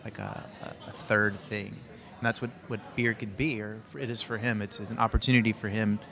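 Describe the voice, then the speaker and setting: A man's voice: fairly low pitch, little pitch movement, creaky, pushed and bright. A man co-hosting a podcast at a brewery, speaking thoughtfully and steering the talk. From Arkansas. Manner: thoughtful, measured, hosts the talk. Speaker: podcast co-host. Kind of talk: casual chat. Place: brewery taproom.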